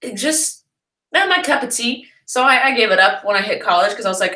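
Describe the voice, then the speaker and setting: Young woman, vlogger, playful casual chat, high-ish voice, echoey room. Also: expressive, moderate pace, sharp tone. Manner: chatty and playful, jokey asides. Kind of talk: casual chat answering viewer questions.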